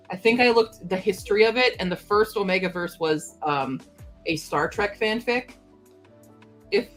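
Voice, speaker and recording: A young woman hosting a casual livestream from home, chatting and giggling as she answers her chat aloud. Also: lowish voice. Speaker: livestream host.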